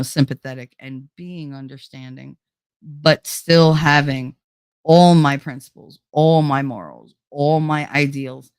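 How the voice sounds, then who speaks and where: A lower-voiced woman talks straight to her viewers, excitable and all in. She swears freely and laughs a lot. The sound is close and dry, with no room around it. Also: clear, resonant tone, no room sound. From New Jersey. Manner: excitable, blunt and profane, laughs often. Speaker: streamer. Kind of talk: casual chat with viewers.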